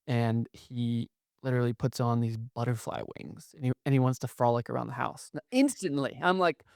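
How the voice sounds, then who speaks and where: Smooth-voiced male podcast co-host. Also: medium pitch, moderate pace, darkish tone, no echo, clean studio sound. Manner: conversational, checks in with frequent 'okay?'. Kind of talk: casual podcast chat.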